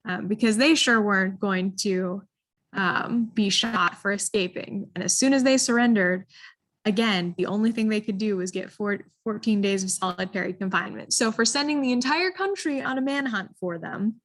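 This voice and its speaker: A woman telling a history story to an audience, animated and full of ums, putting listeners in the story with choices. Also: mid-range voice, normal speed. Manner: animated, addresses listeners with choices, frequent um fillers. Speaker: history presenter. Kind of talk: interactive storytelling talk.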